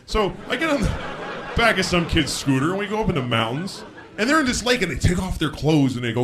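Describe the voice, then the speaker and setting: A man doing a stand-up comedy routine on a stage before a live audience, telling frank stories and breaking into shouted impressions. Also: sits high, very animated, fast. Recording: live show with audience laughter. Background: audience laughter.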